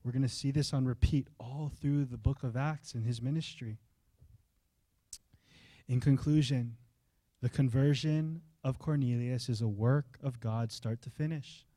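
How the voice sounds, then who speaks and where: A man preaching a sermon as pastor, in a conversational style that swings between hushed and excited. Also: mid-range voice, measured pace, no room sound. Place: church.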